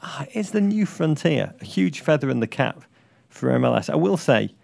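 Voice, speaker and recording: A man co-hosting a casual sports chat, with a wry, deadpan delivery. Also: fairly high pitch, moderate pace, gravelly, no room sound. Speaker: podcast co-host.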